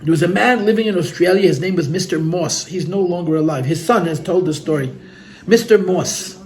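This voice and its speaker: In a room of listeners, a rabbi tells stories briskly in a high voice with a darkish tone. His delivery is earnest and heartfelt, with repeated words and Yiddish and Hebrew expressions.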